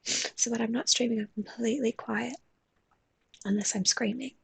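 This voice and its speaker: A woman talks in a soft, mostly whispered voice and yawns often as she chats with viewers on a live stream while she draws. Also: a little high, fairly even intonation, normal speed, creaky, slight background noise.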